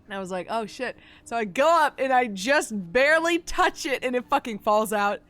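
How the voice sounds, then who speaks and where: A woman streamer in casual chat, rambling through a long story with loose swearing and sudden loud, excited bursts. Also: fairly high pitch, fairly quick, smooth.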